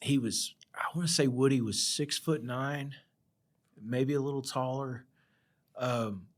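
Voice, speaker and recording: A middle-aged man with a mid-range voice speaks at a measured pace. He's a project surveyor appearing as a podcast guest, laughing often as he tells rambling work stories in a casual, laid-back chat.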